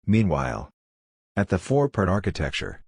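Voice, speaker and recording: A man narrating an audiobook in a steady, matter-of-fact storytelling manner. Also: deep voice, normal speed, husky, dry recording, clean studio sound.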